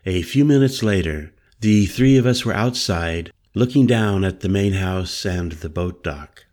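A male narrator reading an audiobook story in a measured, deliberate way. His voice is low, and he takes his time with every line. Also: lively intonation, a little mellow.

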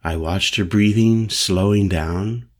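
Slow, low-voiced male storyteller. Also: darkish tone. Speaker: audiobook narrator. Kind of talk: first-person scripted narration.

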